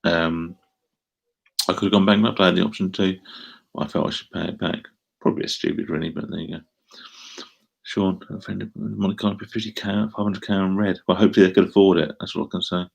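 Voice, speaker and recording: A man's voice: low voice, level tone, fairly quick, creaky. A middle-aged man with an Essex accent, chatting casually on a live stream and answering viewer comments in a rambling way. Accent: Essex English. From England.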